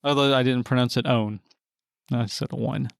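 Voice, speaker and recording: A woman's voice: extremely low pitch, steady tone, normal speed, creaky, no echo, studio quality. A woman co-hosting a podcast in casual chat, wry and laughing now and then. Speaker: podcast co-host.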